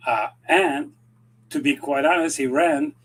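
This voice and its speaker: A man giving rambling, animated political commentary in casual chat, acting out quoted conversations as he goes. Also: on the high side, a little slow, husky, poor audio. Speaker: regular commentator.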